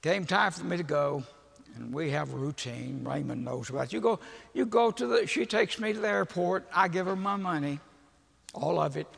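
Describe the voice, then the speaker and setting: An older man, telling a humorous story in a folksy, animated sermon. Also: a little high, normal speed, gravelly. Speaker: preacher. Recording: long reverb of a large hall.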